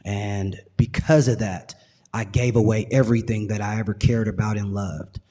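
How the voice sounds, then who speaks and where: A man sharing his recovery story on stage, earnest and measured, with passion underneath. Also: lowish voice, steady tone, warm tone. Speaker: guest speaker. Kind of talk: personal testimony. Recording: long hall reverb.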